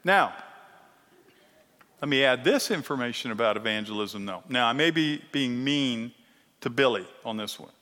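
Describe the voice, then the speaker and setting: A middle-aged man teaching a sermon-style lesson, animated and teasing, often checking in with the crowd. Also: mid-range voice, moderate pace, long pauses. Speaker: Bible teacher. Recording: long reverb of a large hall.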